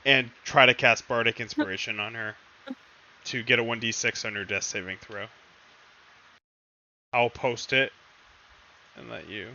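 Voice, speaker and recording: A man's voice: mid-range voice, fairly even intonation, unhurried, long pauses, sharp tone, a little hiss or hum. A man playing an online tabletop game, friendly and describing his character's actions. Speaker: player. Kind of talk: casual game chat. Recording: slightly dull voice-call audio.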